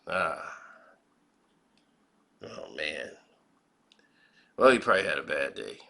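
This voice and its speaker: A man giving spoken commentary in a measured, reflective way, often posing rhetorical questions. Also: rumbling low, very animated, vocal fry, sharp tone. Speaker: commentary vlogger.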